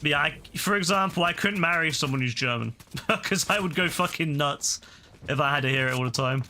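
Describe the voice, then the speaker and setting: A man's voice: fairly high pitch, expressive, a little fast, bright, forceful tone, a little hiss or hum. A young man chatting bluntly while gaming, swearing freely and rambling through his opinions. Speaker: gaming streamer. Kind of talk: casual chat while gaming.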